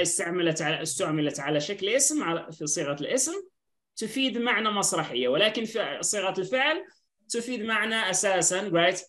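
On a video call, a woman whose first language is Arabic teaches an online English class in a medium-pitched, bright, forceful voice. Patient throughout, she repeats words slowly and switches to Arabic to explain.

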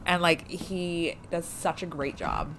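A woman's voice: on the low side, fairly even intonation, takes it slowly, a bit bright, a little hiss or hum. A woman streaming a game playthrough, chatting casually, laughing often and swearing freely. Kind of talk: casual let's-play commentary.

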